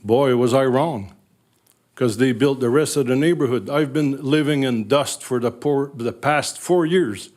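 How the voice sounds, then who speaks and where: A retired man in his sixties with a Northern Ontario accent, giving an emotional, halting public comment at a council meeting. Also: medium pitch, darkish tone. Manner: emotional, halting, repeats words. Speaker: resident speaking at council meeting.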